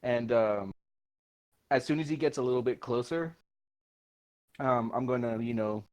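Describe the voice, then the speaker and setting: A man with an ordinary mid-range voice plays his character at a tabletop game. He talks in a relaxed way and stammers, repeating words as he works out what his character does. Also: mid-range voice, a little slow. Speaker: player.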